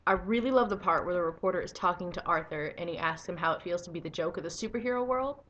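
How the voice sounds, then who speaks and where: A young woman giving a casual video review of a comic book, excitable and swearing freely, breaking into enthusiastic squeals. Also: lowish voice, fast, lo-fi sound, a little hiss or hum.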